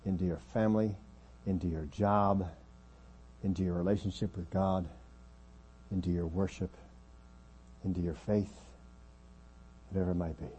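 A man preaching a sermon as pastor of a church, earnest, often dropping his voice quiet to make a point. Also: low-pitched, fairly even intonation, normal speed, pauses often, a little hiss or hum.

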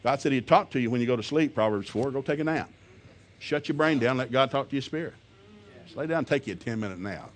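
A man preaches a sermon to a congregation in a homespun, emphatic voice. He chuckles between lines, then climbs to loud, fervent peaks whenever he quotes scripture. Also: mid-range voice, expressive, fast. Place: church service before a congregation.

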